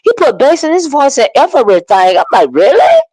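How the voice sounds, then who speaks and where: A man hosting a casual livestream, chatting about online drama and greeting viewers in the chat with drawn-out exclamations. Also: high voice, sing-song, a little mellow, no room sound, poor audio. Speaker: livestream commentary host. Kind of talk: casual livestream gossip commentary.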